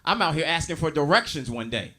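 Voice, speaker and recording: A man performs stand-up in a comedy club, his voice high and sharp-edged. He tells stories with punchy delivery and talks straight to the crowd. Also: animated, quick pace. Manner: loud, crowd-working, storytelling with acted quotes.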